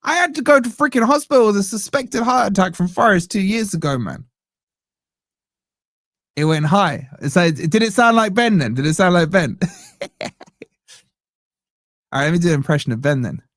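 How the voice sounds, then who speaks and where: A young man in a slightly higher register, hosting a casual live match reaction stream. He rambles, jokes and keeps cutting himself off mid-thought. The sound is dry and close to the mic. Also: lively intonation, normal speed, long pauses, fairly bright tone, no echo. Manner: rambling, self-interrupting, jokey. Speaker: fan channel host.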